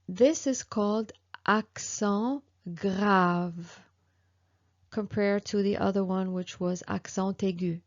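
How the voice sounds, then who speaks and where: Slow, patient woman teaching pronunciation. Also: mid-range voice, dull audio. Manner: slow and patient, with many fillers and repeated examples. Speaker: French teacher. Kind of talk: online language lesson.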